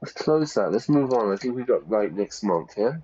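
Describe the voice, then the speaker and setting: Low voiced guy teaching english over a game stream, keeps going yeah?, kinda dull muffled sound. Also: lively intonation, normal speed, warm tone, a little hiss or hum. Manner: chatty, checks in with frequent "yeah?". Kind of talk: casual teaching while gaming.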